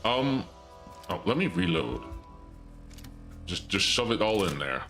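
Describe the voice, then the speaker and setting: A man's voice: deep voice, very animated, a little slow, a bit bright, faint music behind. A man streaming a video game, rambling and joking through casual commentary. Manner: jokey, rambling, self-interrupting. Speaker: gameplay streamer.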